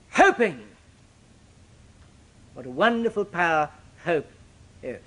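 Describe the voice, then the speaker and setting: An older man preaching a sermon, with dramatic, sweeping shifts in pitch and loudness. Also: expressive, unhurried, long pauses.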